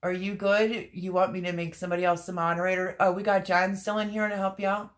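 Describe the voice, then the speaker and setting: A woman's voice: mid-range voice, little pitch movement, quick pace. A woman hosting a casual livestream, reading out chat comments, teary and laughing through her words. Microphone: webcam or phone on a stream.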